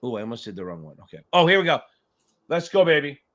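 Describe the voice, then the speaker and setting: A man's voice: on the high side, very animated, quick pace, fairly bright tone. A man hosting a live exam-prep Q&A stream, chatting casually with jokes and profanity. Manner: joking, profane, rambling.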